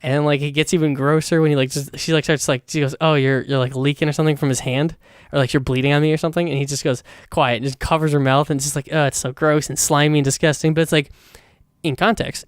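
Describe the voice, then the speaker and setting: A man's voice: a little high, smooth, no room sound, clean studio sound. A man hosting his own podcast, giving a casual, rambling, profane movie review full of fillers. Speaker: podcast host.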